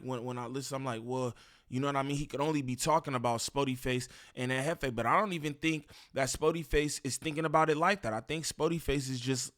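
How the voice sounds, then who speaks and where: A man's voice: mid-range voice, fairly bright tone. A man giving casual reaction commentary, slangy and repetitive as he talks. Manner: casual, slangy, repeats himself.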